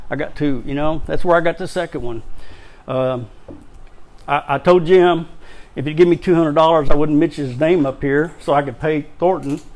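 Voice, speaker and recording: Man, recovery-meeting speaker, halting emotional share with dry self-mockery, slightly high voice. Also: a little mellow. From Louisiana, raised in Texas. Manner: halting, repeats words, emotional, self-deprecating humor.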